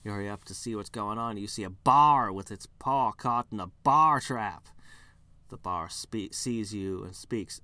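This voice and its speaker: A man's voice: lowish voice, a little slow, bright, forceful tone, no room sound. A man hosting a game let's play, reading the game text aloud with wry, playful commentary.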